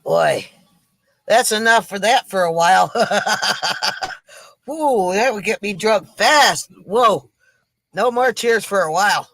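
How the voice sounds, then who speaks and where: A middle-aged woman, hosting a live stream from home and telling corny jokes slowly, laughing and sighing often, a bit tipsy from drinks. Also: medium pitch, creaky, fairly bright tone, dry recording. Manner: slow, corny jokes with frequent laughs and sighs. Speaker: live stream comedy host. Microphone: computer mic for a live stream.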